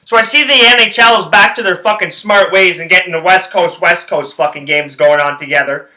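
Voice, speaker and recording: In poor audio, a man with a high, pushed, bright voice talks a little fast. He's a sports handicapping vlogger delivering a profane ranting commentary on hockey and sports betting, cursing nonstop and wandering between points.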